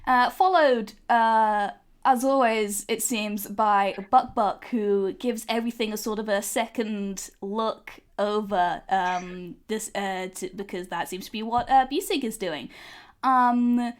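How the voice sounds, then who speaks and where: A woman's voice: medium pitch, slow. A woman narrating as game master of a tabletop game, hesitant and full of filler words. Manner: hesitant, many ums and uhs.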